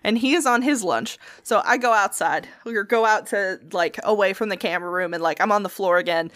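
A woman's voice: mid-range voice, fairly quick, fairly bright tone. A young woman in casual chat, telling a story with lots of swearing and acted-out quotes.

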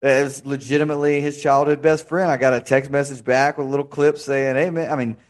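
Young male podcast host, casual, rambling, mid-pitched. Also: flat delivery, fast. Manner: chatty, rambling storyteller. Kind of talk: casual interview chat.

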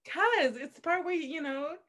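Brief: young woman podcast co-host, chatty and animated, quick to laugh while telling stories. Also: high voice. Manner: animated storyteller, laughs often. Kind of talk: casual book chat.

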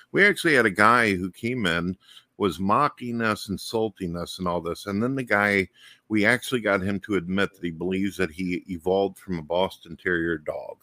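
A man with a low, bright and forceful voice, chatting as host of an online show. He tells his stories with a boastful swagger. The sound is dry and close. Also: dry recording. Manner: boastful, storytelling. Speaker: podcast host. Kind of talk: casual chat.

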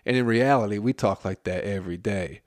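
A man's voice: on the low side, brisk, dry recording, studio quality. A man who works in a restaurant kitchen, telling a story as a heated, profane rant.

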